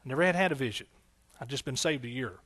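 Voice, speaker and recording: Speaking fast in a husky, mid-range, animated voice, a middle-aged pastor delivers an emotional testimony during a sermon, moving between quiet, tearful passages and loud outbursts.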